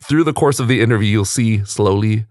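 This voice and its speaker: A man hosting a podcast in casual chat, animated and quick to laugh, often jumping up high for emphasis. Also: no echo, clean studio sound. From United States. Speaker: podcast host. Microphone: studio mic.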